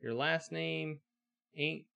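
A man voicing a busy, gruff old blacksmith from the frontier days of a video game, with an old-timey western drawl and homespun sayings. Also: fairly high pitch, fairly even intonation, slow, sharp tone, a little hiss or hum, pitched above the performer's own voice, exaggerated voice.

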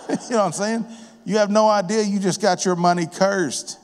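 A man with a high-pitched voice and fairly even intonation speaks at normal speed, preaching conversationally in a church sanctuary with long hall reverb. He weaves in personal stories from his career as a contractor and business owner.

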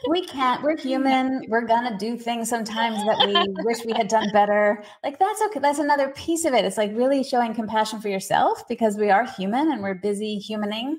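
A woman parenting coach answering interview questions in a steady, explanatory way, with frequent casual fillers. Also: on the high side, fairly quick, few pauses, slight background noise. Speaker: autism parenting coach, guest.

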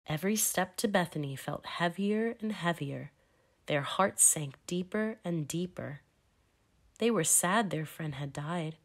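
Woman, children's story read-aloud, low voice, expressive, emphatic. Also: measured pace.

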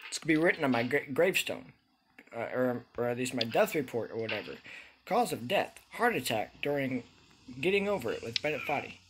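A man's voice: medium pitch, animated, brisk, fairly bright tone, a little hiss or hum. A young man giving frustrated, swearing let's-play commentary from his room, ranting and exasperated. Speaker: gaming YouTuber.

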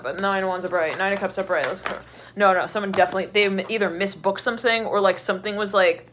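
A woman's voice: medium pitch, a bit bright. Woman doing a tarot reading, super chatty and rambly, lots of "like"s and laughing, bit of faint hiss. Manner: chatty, rambling, laughs often, many fillers. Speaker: tarot reader.

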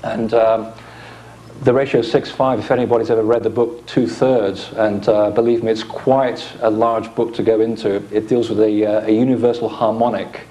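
A man's voice: on the low side, flat delivery, moderate pace, mellow. A man giving an informal conference lecture with slides, explaining with dry asides into a microphone in a lecture hall.

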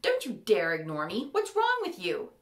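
A woman voicing a feisty, indignant young woman in a storybook reading, with a sharp manner. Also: medium pitch, huge pitch swings, moderate pace, echoey room.

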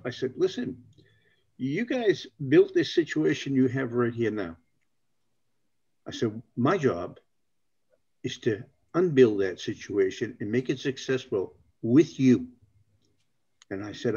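A man with a Boston accent tells a story on a business panel. His voice is gravelly and he often repeats his words. The recording sounds dull and lo-fi. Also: mid-range voice, darkish tone.

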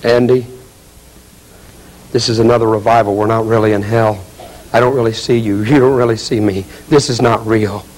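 Husky, urgent male evangelist. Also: fairly low pitch, steady tone, normal speed, a little mellow. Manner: urgent, pleading, theatrical. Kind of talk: dramatic revival sermon.

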